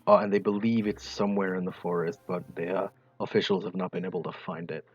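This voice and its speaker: A man with a very deep, husky voice narrates a tabletop game as game master, hesitant and full of fillers. The sound is dull and lo-fi. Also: level tone, fast talker, soft background music.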